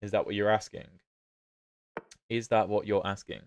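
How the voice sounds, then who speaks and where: A chatty British man streams his chess games and answers viewers' questions as he plays. His voice sits fairly low. The sound is dry and close, with no room echo. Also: little pitch movement, normal speed. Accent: British, not fully standard. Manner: chatty, answers chat questions while playing. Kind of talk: casual livestream commentary.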